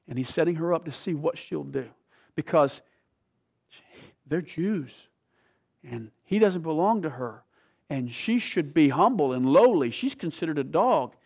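A man preaches a sermon, retelling a scripture story with lively, animated energy and doing the characters' voices. He speaks at a normal speed with vocal fry, sometimes sinking to soft, dramatic lows.

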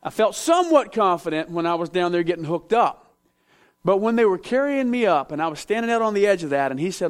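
A man's voice: high voice, very animated, a little fast. A middle-aged man preaching a sermon, telling stories with self-mocking humor. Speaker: pastor.

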